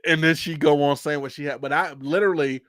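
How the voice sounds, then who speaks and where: A man's voice: on the high side, steady tone, fast talker, a bit bright, no echo, studio quality. A man hosting an unscripted livestream chat, rambling loosely and laughing often. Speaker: host.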